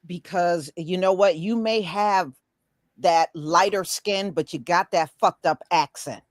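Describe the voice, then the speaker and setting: A woman's voice: on the low side, measured pace, no room sound, clean studio sound. A woman hosting a casual opinion talk, blunt and emphatic, swearing freely. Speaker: host.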